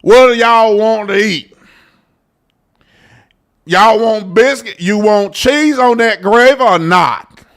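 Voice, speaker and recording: A man voicing a scruffy country diner waiter, a gruff, folksy man with a rural Southern accent who speaks in a slow, homespun drawl. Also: high voice, a bit bright, voice pushed up. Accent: rural Southern American.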